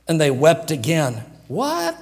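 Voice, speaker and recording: Guy preaching a sermon, high voice, gets loud then drops way down. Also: moderate pace. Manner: animated preaching that swings between shouts and hushed asides. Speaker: pastor.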